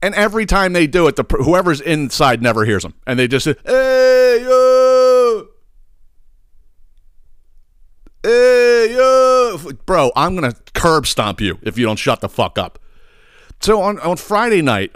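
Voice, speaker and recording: Profane ranting man with a lively voice. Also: mid-range voice, fairly quick, no room sound, studio quality. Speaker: podcast host. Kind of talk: comedic rant.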